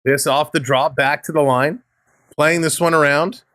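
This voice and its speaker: A man's voice: on the high side, fairly even intonation, moderate pace, fairly bright tone, no room sound. A man with a Canadian accent hosting a live hockey stream, mixing play-by-play with friendly replies to chat and thanks to viewers. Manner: upbeat, chatty, thanks viewers by name and chuckles often.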